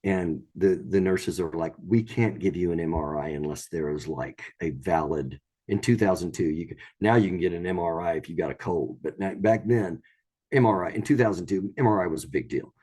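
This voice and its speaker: A man with a low, husky voice tells a strange story in a loose, casual way. He stumbles, repeats himself and restarts sentences. He also slips into the voices of the people he quotes. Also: a little fast, mellow. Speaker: storyteller guest.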